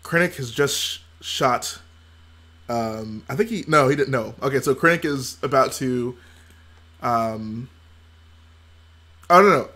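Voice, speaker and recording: A man's voice: medium pitch, sharp tone. A man hosting a casual livestream, reading chat aloud, laughing often and trying out movie-quote impressions. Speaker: livestream host.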